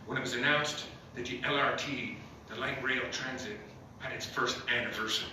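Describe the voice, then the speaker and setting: A man from Ottawa doing a stand-up comedy set in a comedy club, rambling through deadpan jokes with lots of fillers and chuckles. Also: medium pitch, normal speed, background noise. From Ottawa, Canada. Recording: echoey club heard from a distance.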